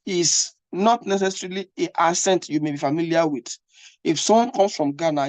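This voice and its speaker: Speaking at a moderate pace, a man with a fairly high, somewhat mellow voice gives an English test lesson with no room sound. He repeats himself often, restarts clumsily, and makes sure the listener is keeping pace.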